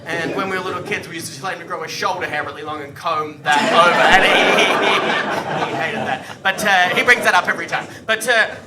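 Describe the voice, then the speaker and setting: A man doing a stand-up routine, animated and swearing freely, with loud outbursts before a live audience. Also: high voice, a little fast, few pauses. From Australia. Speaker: stand-up comedian. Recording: echoey live venue from far off. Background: audience laughter and crowd noise.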